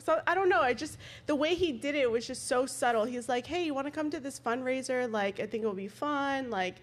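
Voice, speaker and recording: A woman talks as a podcast guest in a loose, chatty way, her voice a little higher than most women's. She leans on fillers and quotes what people said to her. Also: a little fast. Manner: chatty, full of fillers, retells conversations. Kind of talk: casual chat.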